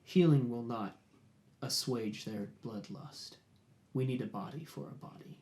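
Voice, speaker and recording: A man voicing a shrewd, calm barbarian chieftain who bargains in a low, measured way. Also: close to an everyday voice. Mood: hushed scheming. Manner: low, hushed bargaining, slow and deliberate.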